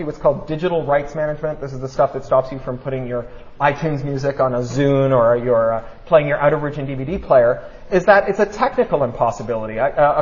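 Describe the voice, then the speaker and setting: A man giving a public talk, fast and animated, who keeps asking his audience "right?". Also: medium pitch. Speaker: speaker at a talk. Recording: dull lo-fi recording.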